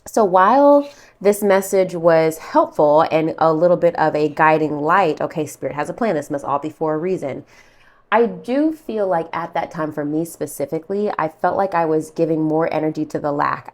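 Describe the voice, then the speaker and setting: A woman's voice: low voice, a little mellow. A woman giving a chatty, rambling tarot reading vlog, full of fillers and side remarks. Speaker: tarot reader.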